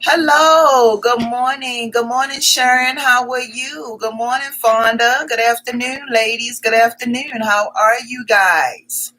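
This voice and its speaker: Woman livestream host, somewhat high and very bright voice, chatty, repeats her hellos and welcomes. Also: steady tone, poor audio. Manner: chatty, repeats greetings and welcomes in quick strings; greets viewers by name as their comments arrive. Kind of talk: casual live-stream chat.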